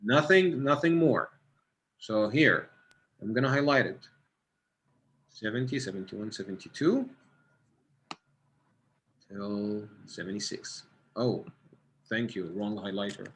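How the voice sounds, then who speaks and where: A man's voice: lowish voice, slow, long pauses, fairly bright tone, slight background noise. A man with an Egyptian accent teaching an online test-prep class, encouraging and reading out students' answers. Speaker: SAT tutor.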